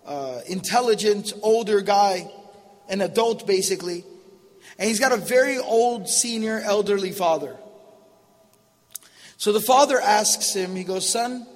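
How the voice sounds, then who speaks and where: A man's voice: high-pitched, in a large hall. A man in his thirties preaching a sermon in a casual, storytelling way with slangy asides.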